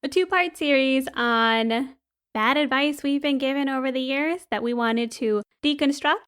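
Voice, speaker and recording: A young adult woman co-hosting a podcast, telling a story in casual chat, animated and laughing often. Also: sits high, normal speed. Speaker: podcast co-host.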